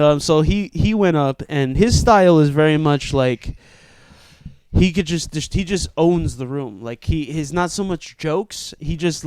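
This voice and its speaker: Heard first is a young man's voice, a bit higher than most, smooth and clean, as he spins a wild story and acts out the shouting. It sounds close-miked and dry, with no room around it. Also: dry recording. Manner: animated, acts out shouted quotes. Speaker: comedian and show organizer. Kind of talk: casual storytelling.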